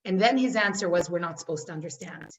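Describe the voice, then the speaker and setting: A woman's voice: lowish voice, animated, quick pace, distant mic, low-quality recording. Earnest woman teacher heard from afar. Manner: earnest, storytelling, repeats for emphasis. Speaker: class teacher. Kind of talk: teaching a class.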